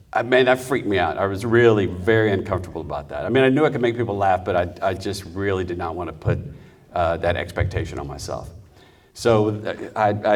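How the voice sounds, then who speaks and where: A middle-aged man from Texas, a comedian guest, telling his career story in a candid, self-deprecating way. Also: sits low. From Houston, Texas. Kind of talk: conversational life story.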